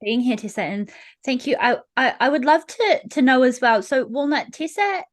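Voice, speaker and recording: A woman's voice: high-pitched, animated, normal speed. A woman hosting a podcast, bubbly, effusive and playful in casual chat. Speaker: podcast host.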